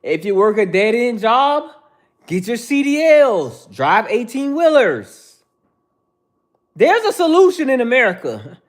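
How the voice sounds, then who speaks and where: A man's voice: very high voice, sing-song, unhurried. A man in his thirties hosting a livestream, bluntly lecturing viewers in the chat with repetitive slang. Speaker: livestream host. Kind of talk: casual livestream rant.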